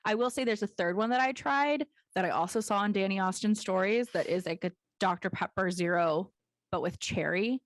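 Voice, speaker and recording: A woman's voice: medium pitch, fairly quick, no echo. A woman co-hosting a casual podcast chat, candid and playful, laughing at her own jokes. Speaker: podcast co-host.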